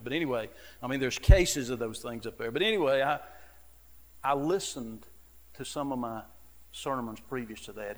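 A man's voice: mid-range voice, fairly bright tone, in a large hall. A middle-aged man, an associate pastor, preaching a sermon in an earnest, conversational storytelling way. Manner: earnest, conversational storytelling with frequent "you know".

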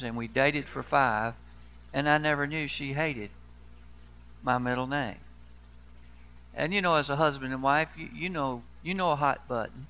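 A man's voice: medium pitch, pushed and bright. A man in his sixties, a pastor preaching a sermon in a folksy storytelling way with dry humor.

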